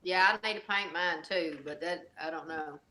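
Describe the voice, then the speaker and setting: A woman's voice: low voice, moderate pace, pushed and bright, a little hiss or hum. A woman co-hosting a casual chat in a playful, teasing way. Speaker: co-host.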